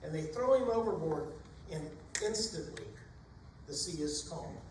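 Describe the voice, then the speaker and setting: A man with a fairly high voice delivers a sermon, retelling old stories in plain, everyday words. He sounds set back from the microphone in a very echoey church sanctuary, with a faint hum of room ambience behind him. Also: very animated, measured pace. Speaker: preacher. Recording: echoey room, distant mic.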